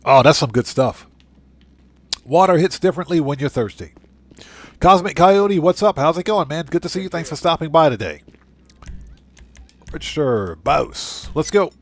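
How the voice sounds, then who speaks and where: High-voiced man ranting on a game stream. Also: normal speed, no echo. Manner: ranting, emphatic, greets chatters by name. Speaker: livestream gaming host. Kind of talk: casual live-stream chat.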